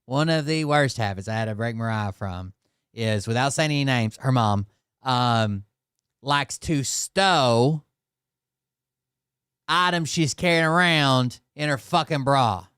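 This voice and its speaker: A man's voice: medium pitch, takes it slowly, fairly bright tone, clean tone, no echo, studio quality. A man with an Appalachian accent, hosting a profane, exasperated reaction commentary. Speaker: commentary host.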